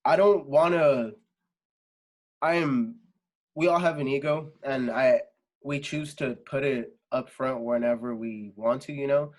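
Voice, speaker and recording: A young man in a relaxed interview, his voice sitting in an ordinary middle range. He rambles, leans on fillers and swears often, as if talking with a friend. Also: mid-range voice, unhurried. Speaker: podcast guest, singer. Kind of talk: casual interview chat.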